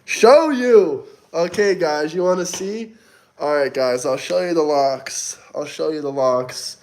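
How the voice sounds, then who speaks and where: This man, running a casual livestream, reads super chats and mocks the people who sent them, sweating and coughing from time to time. His voice is a little high and his pace a little slow.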